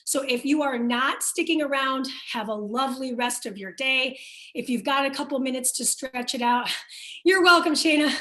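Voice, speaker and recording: A young woman with a Midwestern accent teaches a workout class, her high voice bright and encouraging as she counts down and calls out names. She sounds far from the mic in a very echoey room. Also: normal speed. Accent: American Midwestern. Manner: upbeat, cueing and encouraging class members by name. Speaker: fitness instructor. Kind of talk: live workout class instruction.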